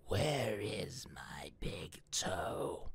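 A man voicing a groaning, unseen ghoul that hunts for its lost toe. It speaks in a slow, gravelly whisper that stretches every word out. Eerie music plays underneath. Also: fairly low pitch, sing-song, heavily acted. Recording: music behind the voice.

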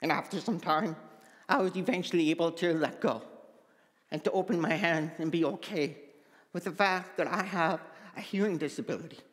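Preaching a sermon in a church sanctuary, a man from Manitoba, Canada, offers his earnest testimony in a hard-of-hearing, deaf accent. The pitch is fairly high and a bit bright, his speed is normal, and the space sounds like a large hall.

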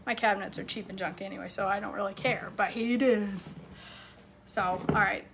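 A woman's voice: medium pitch, fairly even intonation, brisk, gravelly, noisy background. A woman hosting a casual live cooking chat in her home kitchen, laughing often and reading viewer comments aloud. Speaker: cooking vlog host.

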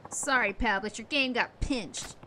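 A woman's voice: a little high, unhurried, sharp tone, a little hiss or hum. A woman voicing a cocky young male street thug in a game dub, brash and taunting. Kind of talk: fan voice-over dubbing of a game.

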